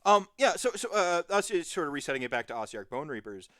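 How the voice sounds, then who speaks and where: Rambling, animated podcast guest voice. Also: medium pitch, quick pace, no room sound, clean studio sound. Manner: rambling, animated, full of tangents and fillers. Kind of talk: casual podcast chat.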